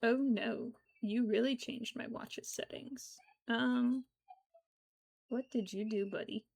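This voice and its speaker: A woman streaming her crochet work, talking softly in baby talk to her cat between steps. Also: fairly high pitch, steady tone, slow pace, gravelly, husky. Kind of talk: casual livestream chat.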